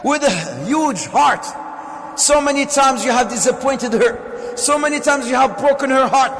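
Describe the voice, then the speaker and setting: Male preacher with a very high voice, fervent and repetitive, recorded in a reverberant prayer hall. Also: expressive, a little slow. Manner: impassioned, repetitive phrasing, rising to shouts. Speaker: visiting sheikh and speaker. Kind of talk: sermon to a live congregation. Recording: echoey hall with faint room noise.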